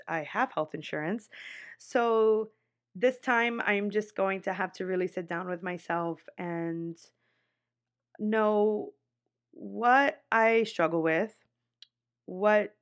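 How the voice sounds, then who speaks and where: A woman in her twenties hosting a podcast, telling a personal story in a blunt, candid way, swearing a lot and filling her talk with "like". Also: medium pitch. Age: 20s. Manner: blunt, heavy swearing, frequent "like" fillers. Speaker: podcast host. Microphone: podcast microphone.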